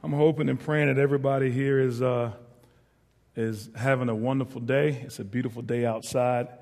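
A middle-aged man from northeastern North Carolina preaches a sermon as a guest speaker in a church sanctuary, earnest and heartfelt, with playful asides to the congregation, and the hall reverb is audible. His mid-range voice holds a steady tone, a little fast and a little mellow, with vocal fry.

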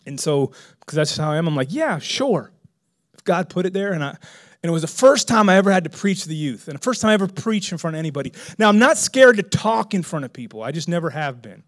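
Animated high-voiced male preacher. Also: quick pace. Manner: animated, bursts into loud excited exclamations. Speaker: pastor. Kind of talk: sermon storytelling.

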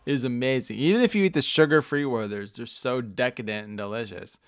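Brief: jokey rambling male co-host, mid-pitched, dry close sound. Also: a little fast, no room sound. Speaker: podcast co-host. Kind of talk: casual comedic chat.

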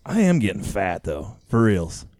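Casual podcast co-host, young Idaho man, low and mellow, teasing banter, dry close sound. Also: very animated, a little slow, dry recording. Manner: joking, teasing. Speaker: podcast co-host, rodeo announcer. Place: home basement.

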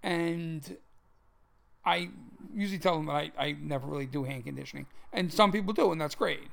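A man co-hosts a casual martial arts talk show. His voice sits high and carries a heavy gravelly fry. He explains things emphatically, often repeating words as he goes. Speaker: podcast co-host.

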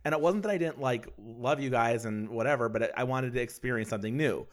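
A man's voice: medium pitch, a little fast. A man hosting a casual conversation, speaking in a reflective way with hesitant restarts. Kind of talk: casual chat.

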